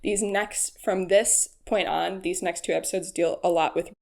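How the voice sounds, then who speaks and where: A woman's voice: fairly low pitch, fairly even intonation, normal speed, gravelly, a little mellow. A woman hosting a casual recap voice-over, chatty and frank, laughing often and using lots of fillers. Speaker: YouTube recap host.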